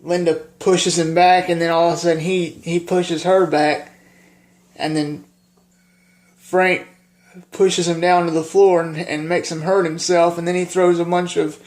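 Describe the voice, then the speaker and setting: A man vlogging casually about his favorite film, halting with lots of filler pauses and plainspoken. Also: fairly high pitch, darkish tone.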